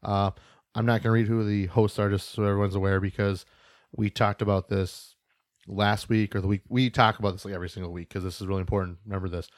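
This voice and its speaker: A man's voice: lowish voice, little pitch movement, fast talker, no room sound, clean studio sound. Casual, swearing male podcast host. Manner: loose, joking, swears casually. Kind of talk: casual chat reading news.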